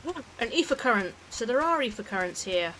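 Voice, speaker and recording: A woman's voice: fairly high pitch, big pitch swings, a little fast, pushed and bright, slight background noise, low-quality recording. A woman giving casual, sarcastic commentary as she plays through a game. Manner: chatty, sarcastic asides, sometimes swears. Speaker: streamer.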